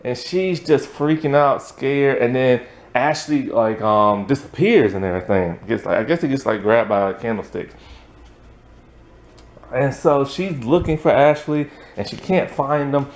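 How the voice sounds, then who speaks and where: A man's voice: medium pitch, animated, unhurried. A man casually recapping a film's plot as a reviewer, rambling with lots of "like" and "um" and frequent chuckles. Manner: rambling, full of "like" and "um", chuckles often. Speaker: film reviewer.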